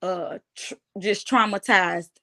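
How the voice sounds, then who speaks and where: A woman, giving a halting, emotional personal account in an interview, often restarting her phrases. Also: medium pitch, fairly even intonation, bright, forceful tone. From United States. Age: 30s.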